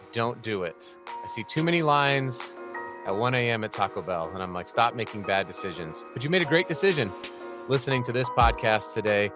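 A man hosting a podcast interview, chatty and jokey, with rambling asides. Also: medium pitch. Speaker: podcast host. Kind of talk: casual interview chat.

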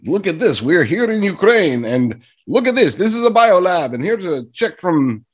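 A man voicing a gloating Russian official in an exaggerated, poor Russian accent, high and husky. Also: big pitch swings, moderate pace, heavily acted.

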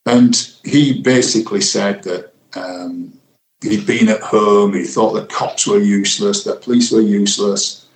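An older man, a retired detective, recounts a past investigation in an interview, reflective and halting with fillers. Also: fairly low pitch, fairly even intonation, a little hiss or hum. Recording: roomy echo.

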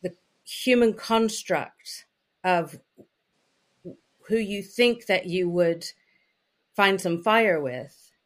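A woman's voice: on the low side, drawn-out words, pauses often. A woman guest on an interview, telling personal stories in a candid, chatty way with lots of "you know" and "like.". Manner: chatty, frank, full of "you know" and "like" fillers. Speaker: interview guest, intimacy coach. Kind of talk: candid conversational storytelling.

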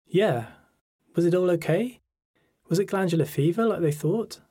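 A man voicing a caring, blunt young woman who swears easily and turns quick and concerned. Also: high voice, dark tone, breathy edge, voice pushed up. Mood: casual. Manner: quick, concerned, slightly panicked.

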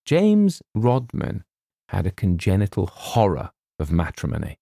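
A man narrating a comic story in a measured, wry manner. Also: low voice, huge pitch swings, creaky, dark tone, dry recording, studio quality. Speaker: audiobook narrator.

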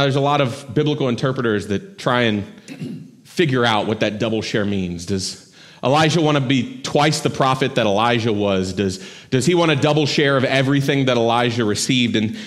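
A man giving a church sermon in a conversational style, often checking in with "right?". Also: mid-range voice. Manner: conversational preaching with frequent "right?". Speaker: pastor. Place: church sanctuary.

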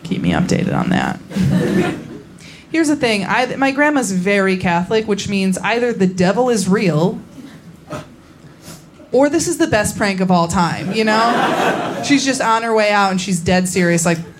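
Young woman, stand-up comic, deadpan storytelling, from Indiana, live show with clear crowd noise. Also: mid-range voice, a little slow, pauses often. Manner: deadpan storytelling, acts out quoted voices. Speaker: stand-up comedian. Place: comedy venue with a laughing audience.

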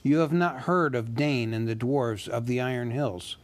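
A man voicing a fussy, polite male hobbit who talks in a businesslike way and squeaks when nervous. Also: moderate pace, close to an everyday voice.

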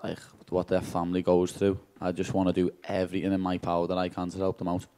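A man with a Liverpool accent fields press conference questions after a fight, brash, cheeky and swearing freely. His voice is low, dark-toned and monotone, and he talks fast.

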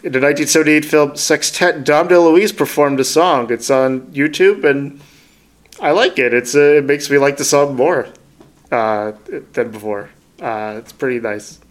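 A man's voice: medium pitch, moderate pace. A man co-hosting a podcast in casual chat, rambling through anecdotes and laughing often. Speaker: podcast co-host.

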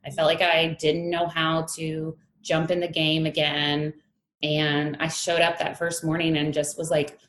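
Candid woman with a lowish voice. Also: monotone, measured pace, a bit bright, slight background noise. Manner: candid, laughs often, acts out her past thoughts. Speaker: strength coach, guest. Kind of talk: conversational interview storytelling. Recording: echoey room, faint ambience.

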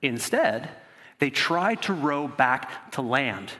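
A man's voice: mid-range voice, sing-song, slow, bright, forceful tone. A man preaching a sermon, reading scripture and breaking off into casual, conversational asides. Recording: long hall reverb.

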